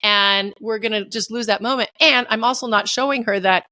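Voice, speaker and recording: A woman's voice: fairly high pitch, steady tone, a little fast, sharp tone, no room sound, studio quality. A woman hosting a podcast interview, chatting in a relatable way and sharing personal parenting stories. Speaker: podcast host. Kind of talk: casual interview chat.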